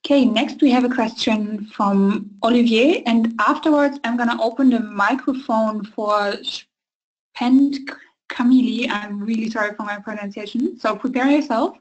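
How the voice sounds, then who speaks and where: A woman's voice: fairly high pitch, unhurried, dull audio. A woman with a German accent moderating a webinar, reading out audience questions in a friendly, apologetic way.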